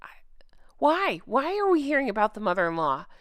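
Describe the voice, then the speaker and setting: A woman's voice: on the high side, big pitch swings, brisk, a bit bright, dry recording. A woman hosting a TV recap, ranting in an exasperated, sarcastic way and often breaking off mid-sentence. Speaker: show recap host.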